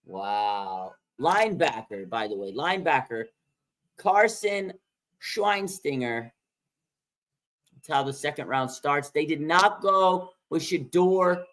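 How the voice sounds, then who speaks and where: A man hosting a live sports draft stream, excitable and rambling, repeating himself and laughing as picks come in. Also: fairly high pitch, takes it slowly. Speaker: livestream host. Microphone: streaming microphone.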